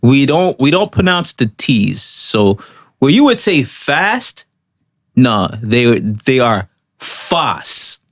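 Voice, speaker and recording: A man's voice: mid-range voice, sing-song, takes it slowly. A man co-hosting a casual podcast chat, talking in a rambling way with many restarts. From Toronto, Canada. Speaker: podcast co-host.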